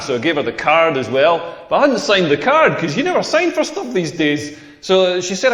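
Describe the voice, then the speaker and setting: A high-voiced Scottish man working through a rambling stand-up set. His brash ranting rings out across an echoey club room with a long hall tail. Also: lively intonation, fairly quick, hardly any pauses, fairly bright tone. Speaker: stand-up comedian. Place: comedy club stage.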